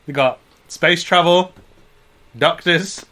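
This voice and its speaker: Bright-voiced joking podcast man. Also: on the high side, slow pace. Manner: playful, laughs often, riffs on silly ideas. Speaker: podcast co-host. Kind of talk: comedic podcast banter.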